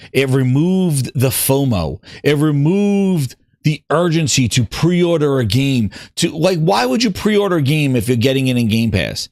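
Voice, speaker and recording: A man hosting a casual gaming talk show, ranting with an animated, sarcastic delivery. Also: medium pitch, a little slow, no room sound, clean studio sound. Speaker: host.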